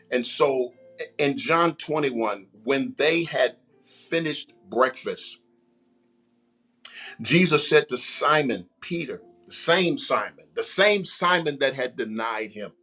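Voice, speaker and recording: A man's voice: medium pitch, a bit bright. A man preaching a sermon, repeating phrases and calling out to the congregation. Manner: preaching with repetition and call-outs to the congregation. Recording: faint music behind.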